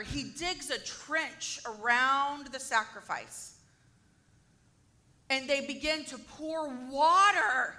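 A woman with a high, bright voice retells a Bible story to her listeners, acting out its scenes. She takes her time and asks the group questions as she goes. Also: unhurried. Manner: animated, acts out the story and asks the audience questions. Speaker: Bible teacher.

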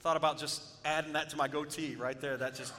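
A male pastor preaches in a lively conversational way, joking and calling on his listeners to answer. His voice is bright and sits a little high. The sound carries a long hall reverb with a faint low rumble. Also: fairly quick. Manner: conversational, joking, calls on the congregation. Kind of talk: sermon. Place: church sanctuary.

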